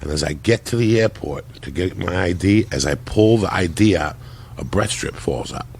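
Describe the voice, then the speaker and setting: A man who is a podcast guest, telling loud, profane stories in casual chat. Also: deep voice, animated, normal speed, gravelly, a little hiss or hum.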